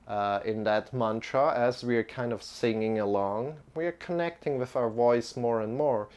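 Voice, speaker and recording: A man leading a live-streamed yoga lesson, calm and halting, with many restarts. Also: medium pitch. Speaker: yoga teacher.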